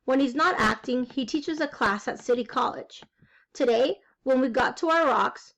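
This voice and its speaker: A woman reads a children's chapter book aloud in a high voice, keeping the first-person narration lively and wry, like a kid sharing a story. The recording is muffled.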